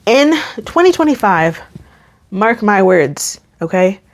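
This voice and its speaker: Young woman vlogging, chatty n emphatic, keeps restarting sentences, easy middle pitch. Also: big pitch swings, slow. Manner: chatty, emphatic, self-interrupting. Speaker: YouTube creator. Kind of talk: casual chat to camera.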